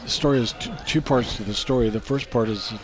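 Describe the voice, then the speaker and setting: A man's voice: medium pitch, brisk. An American man in a casual interview, recounting stories from racing safety work with fillers, restarts and laughter.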